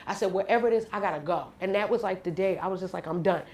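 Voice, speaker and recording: A woman's voice: medium pitch, very fast, a little mellow, echoey room, slight background noise. A woman guest in a candid radio interview, telling a personal story bluntly and with slang.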